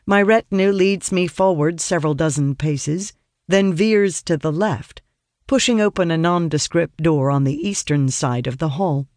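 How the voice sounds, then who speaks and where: A man narrating a fantasy audiobook in a steady, measured way. His voice sits a little high for a man and is recorded close and dry, with no room sound. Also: no echo.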